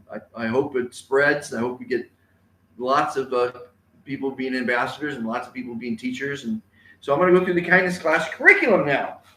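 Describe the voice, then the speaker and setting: A man's voice: medium pitch, fairly bright tone. Rambling man teaching in an echoey room. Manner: rambling, repeats words, many fillers. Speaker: kindness class teacher. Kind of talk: live stream lesson.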